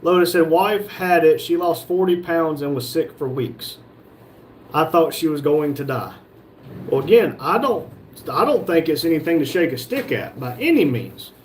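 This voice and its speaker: A man with a somewhat high voice hosts a casual livestream. He reads viewer comments aloud and tosses off joking replies. Faint noise hums behind him. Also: lively intonation, moderate pace. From North Carolina, USA. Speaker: livestream host reading chat. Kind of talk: casual live chat.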